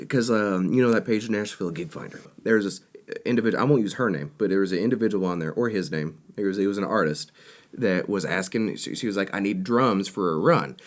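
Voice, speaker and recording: A young man with a fairly low voice tells a road story as a podcast co-host. He talks casually and gets animated as he acts out what people said. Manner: animated, quick to act out quotes.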